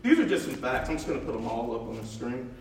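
A man gives a casual, chatty slide talk in a large echoey room, his medium-pitched voice sing-song and quick. He uses plenty of fillers and laughs often, and the recording is distant and echoey with faint noise.

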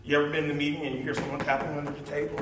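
A man gives an informal presentation, full of fillers and easy laughter. His voice sits a little high. The sound comes from far off in a very reverberant room with faint noise behind. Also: flat delivery, racing. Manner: chatty, laughs often, many fillers. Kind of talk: informal talk with slides. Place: large echoey room.

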